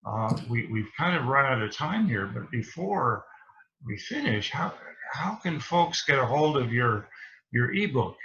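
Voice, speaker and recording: This man is a reverend hosting a live interview. He has a bright, tense edge and middle pitch, and he keeps affirming his guest with enthusiasm. His audio is dull and lo-fi. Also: big pitch swings, measured pace. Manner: enthusiastic, affirming, frequent backchannels.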